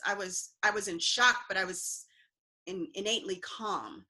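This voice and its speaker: A woman's voice: lowish voice, measured pace, bright, forceful tone. A woman, an interview guest, earnestly recounting a personal story with fillers and restarts.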